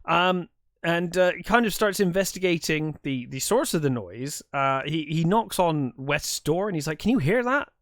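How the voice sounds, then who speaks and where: A man's voice: fairly high pitch, animated, normal speed, a bit bright, dry recording, clean studio sound. A man co-hosting a film podcast, retelling the plot in casual chat with lots of ums and restarts. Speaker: podcast co-host.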